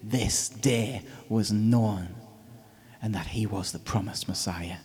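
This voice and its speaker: A man preaching in a chatty, animated way, explaining a scripture passage and often chuckling to himself. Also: on the low side, slow pace, breathy edge. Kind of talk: conversational sermon on a scripture reading.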